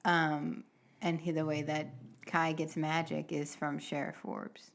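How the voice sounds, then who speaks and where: Gravelly low woman in casual chat. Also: level tone, takes it slowly. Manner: chatty, laughs often, backchannels. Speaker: podcast co-host.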